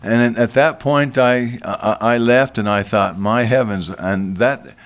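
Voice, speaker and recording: Slow, halting older man telling a story. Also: medium pitch. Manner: slow, halting, with many restarts. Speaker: radio guest. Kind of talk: storytelling on radio. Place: radio studio.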